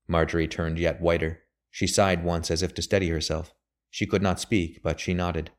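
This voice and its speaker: A man narrates a classic novel in a very deep voice. His reading is steady and measured, with a calm, even delivery. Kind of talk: audiobook narration of a period novel.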